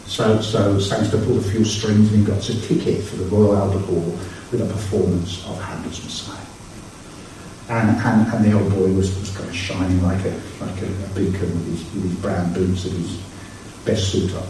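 A man's voice: deep voice, flat delivery, moderate pace, warm tone, a little hiss or hum. Man preaching in an echoey hall. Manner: earnest, building to urgent exhortation. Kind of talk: sermon. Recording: echoey hall, mic far off.

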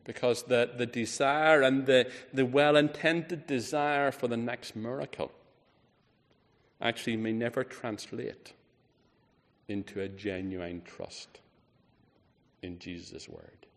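A man preaching a sermon, emphatic, rising on key words and falling low and quiet at the ends of phrases. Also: steady tone, slow pace, long pauses. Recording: reverberant hall.

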